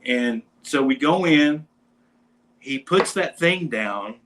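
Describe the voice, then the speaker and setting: A man's voice: mid-range voice, slow. A man, a musician guest on a talk show, telling a casual anecdote with animation and acting out what people said. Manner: animated storyteller who acts out quoted lines.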